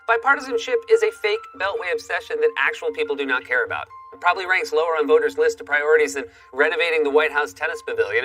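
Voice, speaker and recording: Fast sarcastic late-night host. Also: male voice, fairly high pitch, sharp tone, recorded from a distance, rough recording. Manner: sarcastic, punchy delivery. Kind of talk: comedy monologue.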